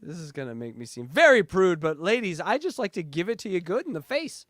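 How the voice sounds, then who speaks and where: Animated, high-voiced ranting man. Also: brisk, dry recording, clean studio sound. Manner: loud, laughing, animated ranting. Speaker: podcast co-host. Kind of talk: casual crude banter.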